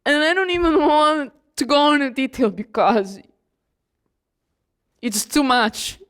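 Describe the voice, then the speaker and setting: A woman's voice: high voice, animated, slow pace, fairly bright tone, exaggerated voice. A woman playing the young apostle John, a grieving and indignant man, in a dramatic first-person monologue, talking straight to the listener.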